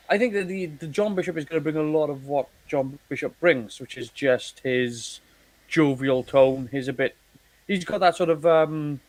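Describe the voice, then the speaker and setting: A man co-hosting a casual chat about a TV series, talking in halting bursts with many restarts and repeated words. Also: a little high, no echo. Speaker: podcast co-host.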